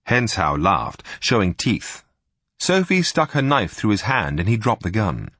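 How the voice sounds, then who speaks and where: A man narrates a first-person story in a wry, storytelling voice that swoops high and low. His tone is somewhat husky and fairly low. The recording is close and dry. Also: unhurried, no echo. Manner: wry, lively storytelling that slips into character voices. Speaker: audiobook narrator.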